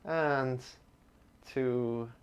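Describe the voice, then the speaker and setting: Guy leading a yoga class, super slow easy talk, gentle and encouraging. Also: mid-range voice, steady tone, clean tone, lo-fi sound. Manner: gentle, encouraging, with laughs and restarts. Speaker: yoga teacher. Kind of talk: guided yoga and mantra lesson.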